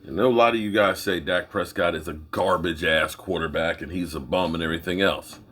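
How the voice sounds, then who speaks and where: A middle-aged man hosting his own sports channel, giving folksy, opinionated commentary in a rambling, casual way with a husky voice. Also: sits low, fairly quick, fairly bright tone.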